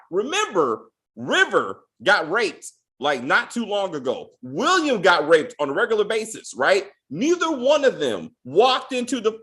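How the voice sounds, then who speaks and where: A man's voice: high voice, fairly bright tone. A man hosting a casual spoiler review of a TV episode, ranting in a profane, exasperated way. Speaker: TV show reviewer.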